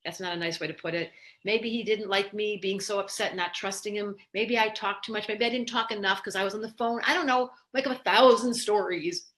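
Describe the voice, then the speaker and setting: A woman astrologer giving a casual, animated spoken lesson, telling candid stories in an expressive way. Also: medium pitch, fairly quick. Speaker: astrologer teaching.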